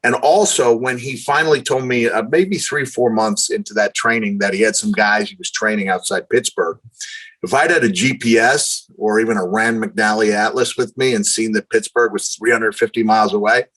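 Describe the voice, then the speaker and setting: A man in his fifties, a podcast guest telling long stories with lively, self-deprecating humor. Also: lowish voice, normal speed, low-quality recording. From New York, USA. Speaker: guest, retired wrestler. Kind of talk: storytelling in conversation.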